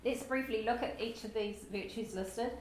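A woman's voice: fairly high pitch, moderate pace, a little mellow. A woman giving a Bible study teaching in a chatty way, with light self-deprecating asides. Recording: echoey room with faint background noise.

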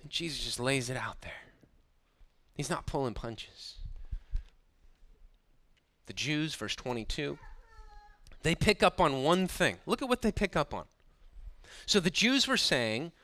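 A man's voice: a little high, lively intonation, unhurried, long pauses, bright, forceful tone, dry recording. A man preaching a sermon, building emphasis and dropping into sarcastic asides. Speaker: pastor.

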